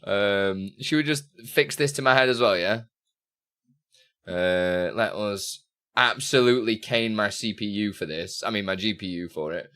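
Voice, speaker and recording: A lowish, slightly bright voice belongs to a man who talks a little slowly while live-streaming casually. Chatty, he describes his on-screen actions, mutters to himself, and now and then bursts out laughing.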